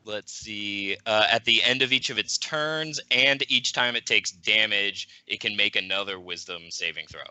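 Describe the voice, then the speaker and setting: A man's voice: on the low side, normal speed, hardly any pauses, sharp tone, dry recording. A man playing a tabletop game, hesitant and full of fillers. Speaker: player. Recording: dry lo-fi audio.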